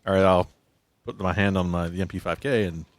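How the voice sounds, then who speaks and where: A man's voice: sits low, steady tone, a little fast, no room sound. A man playing a tabletop espionage game, asking practical tactical questions. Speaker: player. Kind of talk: casual tabletop play.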